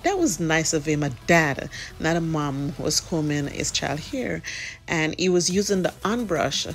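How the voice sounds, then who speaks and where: A woman's voice: deep voice, sing-song, faint music behind. A Jamaican woman chatting casually in a vlog while doing her children's hair, rambling and tending to speed up. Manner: chatty, rambling, tends to talk fast.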